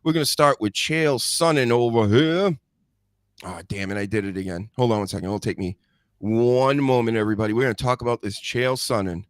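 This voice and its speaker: A man riffs as a podcast host, his talk blunt, rambling and laced with profanity. His voice sits at an ordinary middle pitch. The sound is dry and close, with no room around it. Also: brisk, no room sound. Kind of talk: casual live-stream commentary.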